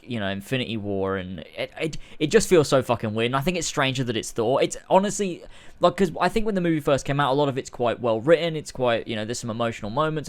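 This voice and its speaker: A man on a casual podcast giving a rambling, swear-filled opinion. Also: mid-range voice. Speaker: podcast co-host.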